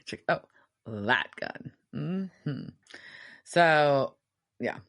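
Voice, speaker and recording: Low-voiced woman with lively pitch. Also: very slow. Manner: animated storytelling, acts out quotes. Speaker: podcast co-host. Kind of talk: casual chat recapping a TV episode.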